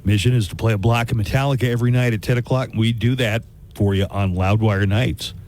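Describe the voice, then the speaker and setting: A man's voice: on the low side, fairly even intonation, quick pace, darkish tone, a little hiss or hum. A man hosting a radio show, chatting casually on air with jokey, rambling asides. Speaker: radio host. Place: radio studio. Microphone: studio microphone.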